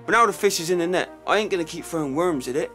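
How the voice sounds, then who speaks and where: Cocky young country lad, boastful, rapid speech, fairly high voice, TV comedy clip, faint music underneath. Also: male voice, lively intonation, sharp tone. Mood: smug. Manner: boastful, fast and matter-of-fact. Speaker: sitcom character.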